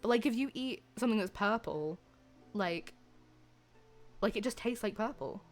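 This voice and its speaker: A young woman livestreamer chats playfully with her viewers, rambling and giggling as she goes. Her medium-pitched voice has lively intonation and a moderate pace, with soft background music behind her.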